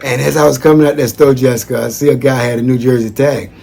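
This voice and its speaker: A man giving friendly shout-outs in a chatty, folksy monologue that wanders off on tangents. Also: medium pitch, level tone, quick pace, creaky. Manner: chatty, folksy, digressive, calls listeners "man". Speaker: former social worker. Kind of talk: casual rambling monologue.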